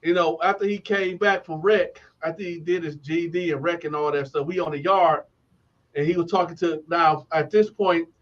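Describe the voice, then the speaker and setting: Man, casual storytelling, high-pitched, laughs a lot, acts out voices, muffled lo-fi audio. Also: moderate pace. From Flint, Michigan. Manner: animated, laughs often, acts out other inmates' voices. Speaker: guest telling stories.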